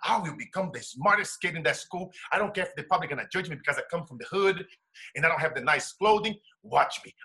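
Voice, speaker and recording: A man from Brazil, an interview guest and coach telling his life story with animated shifts between hushed tones and loud laughing bursts. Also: a little high. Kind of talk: emotional storytelling in conversation.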